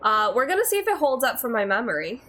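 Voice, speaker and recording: A woman's voice: on the high side, big pitch swings, fast talker, fairly bright tone, slight background noise, rough recording. A young woman streamer chatting and laughing as she plays a video game live at her desk mic. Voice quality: giggly, chatty. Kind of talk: live gameplay commentary.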